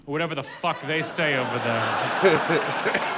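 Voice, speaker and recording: A man doing a stand-up set, delivering dark jokes in a dry, deadpan way. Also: on the high side, a little slow, a crowd in the background. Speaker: stand-up comedian.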